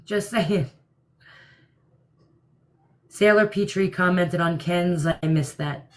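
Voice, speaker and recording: Speaking slowly in a fairly low register, this New Jersey livestream host has a New York-area accent. She responds to viewer comments in a casual, blunt, opinionated manner.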